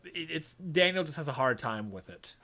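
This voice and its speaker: Lively man recapping a game. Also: a little high, moderate pace. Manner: animated, rambling retelling. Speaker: podcast host. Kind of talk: casual game review chat.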